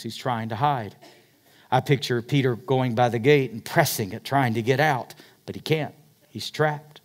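A man preaching a sermon, retelling a story dramatically, swinging between loud emphatic peaks and hushed, quiet passages. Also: mid-range voice. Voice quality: dramatic storyteller, rising to near-shouts then dropping to hushed tones. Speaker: pastor.

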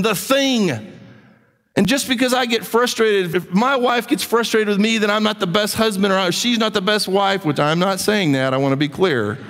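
A man preaching a sermon as pastor, swinging from quiet asides to raised, urgent appeals. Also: high voice, normal speed, long reverb tail.

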